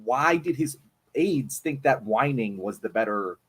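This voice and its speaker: Husky man in blunt political chat. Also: medium pitch, a little slow. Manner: blunt, animated, swears casually. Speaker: livestream co-host. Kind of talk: casual political debate chat.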